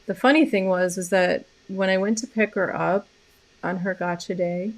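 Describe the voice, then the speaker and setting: A woman hosting a live stream about animal communication, talking casually and softly, rambling with many fillers and restarts. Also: medium pitch, fairly even intonation, moderate pace.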